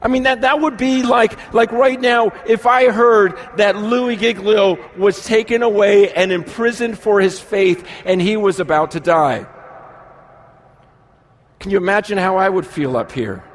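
A man in his forties preaching a sermon to a live congregation, animated and quick to act out the people he quotes, swinging between urgent and hushed. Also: sits high, a little hiss or hum. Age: 40s. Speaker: pastor.

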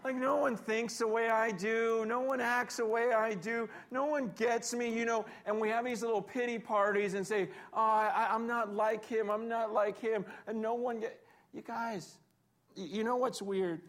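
A man with a notably high voice delivers a sermon to a congregation. He keeps it conversational and lively, slipping into acted-out quotes and poking fun at himself. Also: moderate pace. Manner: lively, conversational preaching with self-deprecating humor and acted quotes. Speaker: pastor.

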